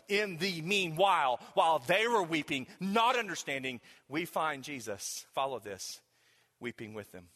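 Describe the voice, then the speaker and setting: A man's voice: fairly high pitch, lively intonation, normal speed, pushed and bright. A man preaching a sermon, talking emphatically to the congregation and asking them questions directly. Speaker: pastor. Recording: long hall reverb.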